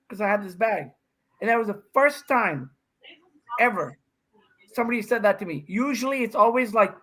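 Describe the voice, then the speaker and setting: A man's voice: very high voice, normal speed, bright, forceful tone, poor audio. A middle-aged man from India, a pickleball pro guesting on a podcast, telling stories in a brash, joking way with swearing and frequent laughs. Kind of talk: casual podcast chat.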